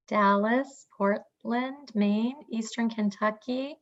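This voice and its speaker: A woman's voice: on the high side, fairly even intonation, a little slow, a bit bright. A woman co-hosting a webinar, cheerfully reading out where attendees are joining from over a video call. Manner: upbeat, reads out attendee locations. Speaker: webinar co-host. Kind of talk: casual greetings before a webinar. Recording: dull lo-fi video call audio.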